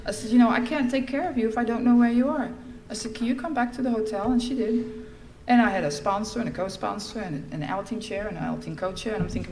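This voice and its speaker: A middle-aged woman giving a personal testimony at a recovery fellowship event, telling her story in a lively way and acting out the lines she quotes. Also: a little high, brisk, slight background noise. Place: large event hall. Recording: echoey hall with faint ambience.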